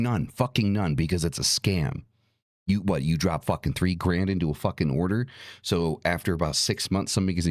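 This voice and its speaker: A man's voice: low-pitched, a little fast, no echo, clean studio sound. A middle-aged man hosting a talk show, speaking bluntly and profanely in a heated, repetitive rant. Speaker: podcast host.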